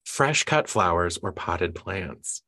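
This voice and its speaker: Low-voiced woman hosting a podcast. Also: expressive, slow pace, a bit bright. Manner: chatty, upbeat, leads the questions. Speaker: podcast host. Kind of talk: casual podcast chat.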